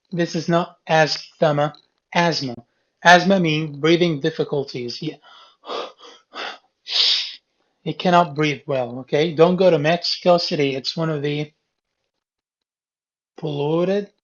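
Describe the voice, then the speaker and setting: Slow, patient male teacher in class. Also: fairly high pitch. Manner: repeats key words patiently, explaining step by step. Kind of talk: going over a reading quiz with a class. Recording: dull lo-fi classroom recording.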